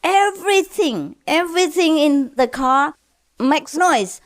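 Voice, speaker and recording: A woman's voice: high voice, expressive, slow pace, no room sound, studio quality, voice pushed up. A woman voicing a man who complains emphatically about his noisy used car. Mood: exasperated. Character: exasperated male car owner complaining.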